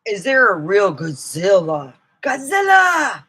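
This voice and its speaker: A woman's voice: mid-range voice, animated, slow pace, background noise. A woman vlogger in casual chat, rambling and laughing as she talks. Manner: rambling, chatty, laughs often.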